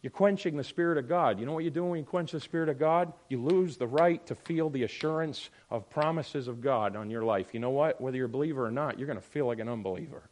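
A man pastor giving a conversational sermon, swinging between loud emphasis and quiet asides. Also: medium pitch, fast talker, hardly any pauses.

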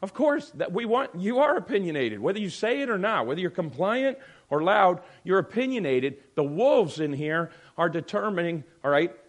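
A man's voice: high-pitched, sing-song, normal speed. A middle-aged man teaching a Sunday school class in an emphatic way, often acting out other people's voices.

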